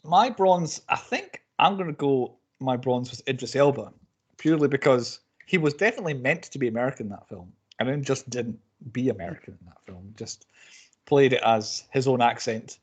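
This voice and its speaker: A man's voice: medium pitch, animated, husky. Joking male podcast host reading nominees. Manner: brisk, joking, listing nominees. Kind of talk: casual chat.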